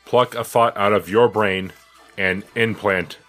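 A man in casual podcast chat, animated and laughing, swearing for emphasis. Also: lowish voice, measured pace, faint music behind.

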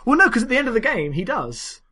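A man co-hosting a casual conversation about video games, relaxed and often restarting his sentences. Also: very high-pitched. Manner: relaxed, halting, self-correcting.

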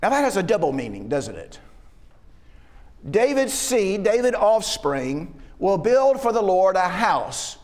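A man's voice: high voice, big pitch swings, a little slow, darkish tone. A man preaching an expository sermon, walking through a passage verse by verse and asking rhetorical tag questions. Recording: long reverb of a hall.

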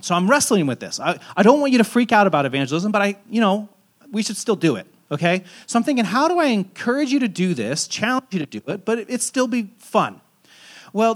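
A man delivers a sermon in a chatty, storytelling manner, poking gentle fun at himself. His voice sits a bit higher than most men's. He sounds like a pastor in his thirties talking to his congregation. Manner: conversational, self-deprecating storytelling.

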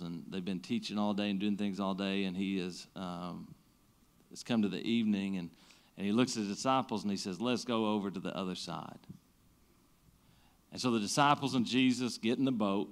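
A man's voice: lowish voice, clear, resonant tone. Man preaching conversationally. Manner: conversational preaching, frequent restarts, rises and drops in energy. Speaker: pastor. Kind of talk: sermon.

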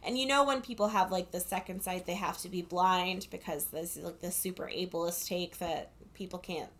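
A woman's voice: on the low side, moderate pace. A woman podcast co-host in casual chat, recapping a film plot in a chatty, sarcastic way and laughing often, speaking into a headphone mic. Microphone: headphones with a corded mic.

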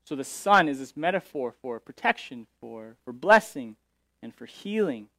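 A man's voice: mid-range voice, big pitch swings, normal speed, fairly bright tone, no room sound. A male pastor explaining scripture in a sermon, paraphrasing verses and often restarting his sentences.

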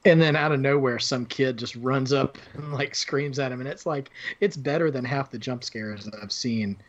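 A man's voice: mid-range voice, normal speed, lo-fi sound. A man hosting a podcast, talking about films in a casual, rambling way with lots of fillers and restarts. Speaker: podcast host. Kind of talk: casual film discussion.

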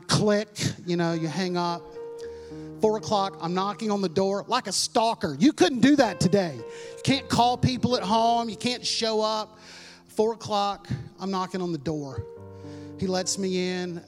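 A middle-aged man preaching in a high voice, telling his testimony with animated, self-mocking humor and repeated words. His voice rings with a long hall reverb. Faint music plays underneath. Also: unhurried. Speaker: pastor. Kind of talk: sermon testimony storytelling.

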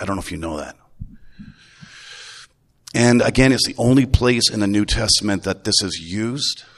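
A middle-aged man, a grandfather, preaching a Sunday sermon in a relaxed, folksy way, full of restarts. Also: fairly low pitch. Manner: conversational, folksy, with repeated restarts. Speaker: pastor. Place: church. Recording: long reverb of a church hall.

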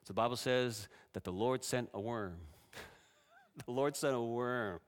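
Animated man preaching a sermon. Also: a little slow, clear, resonant tone. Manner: animated, voices God and Jonah with rising pitch and force. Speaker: pastor.

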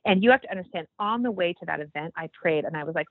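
A woman guest telling a faith story in casual talk, acting out the quoted lines with animated jumps in her voice. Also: fast, hardly any pauses, no room sound. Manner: animated, acts out quoted dialogue with big pitch jumps. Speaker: podcast guest. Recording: dry, tinny phone-like line.

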